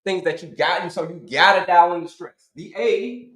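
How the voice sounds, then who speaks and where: A man's voice: high voice, moderate pace, a bit bright. Emphatic middle-aged man coaching in echo. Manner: emphatic, repetitive, addresses audience as folks; asks and answers his own questions. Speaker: health coach. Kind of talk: motivational health talk.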